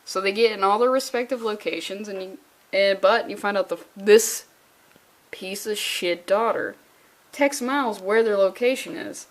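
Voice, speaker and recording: A woman's voice: mid-range voice, normal speed. A young woman reviewing a comic book in a casual vlog, sarcastic and profane, rambling as she talks.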